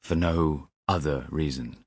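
A man voicing a troubled railway signalman who speaks low and grave, close to a whisper. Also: slow pace, slightly rough, no echo, exaggerated voice. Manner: low, hushed, grave delivery. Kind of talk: audiobook character reading.

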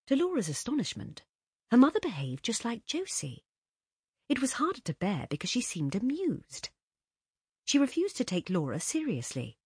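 A woman reading a literary story aloud as narrator in an expressive, measured way. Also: on the high side, husky, dry recording, studio quality. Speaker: audiobook narrator.

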